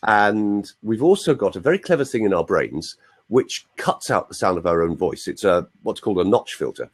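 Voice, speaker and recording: Husky, lively male voice coach. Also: on the low side, moderate pace. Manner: explanatory, demonstrates sounds, jokey asides. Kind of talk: teaching on a group call.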